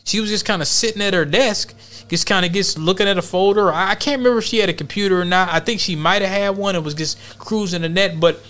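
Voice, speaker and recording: A man with a fairly high speaking voice hosts a casual podcast. He rambles through a story in loose, streetwise slang, doubling back on his words as he goes. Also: sharp tone. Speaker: podcast host.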